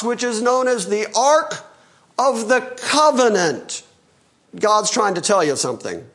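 A man's voice: very high-pitched, fairly bright tone. A male pastor preaching a sermon and reading scripture aloud, conversational, with playful asides.

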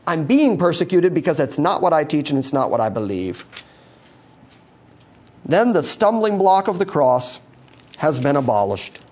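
A man preaching a sermon, emphatic and repetitive, swinging from loud bursts down to quiet, low lines. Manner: emphatic, repeating words for stress.

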